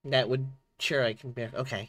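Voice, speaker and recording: Fiddling clumsily with his audio settings, a man chats casually during a live game stream, his delivery full of lively ups and downs. He speaks at normal speed in a mid-range voice.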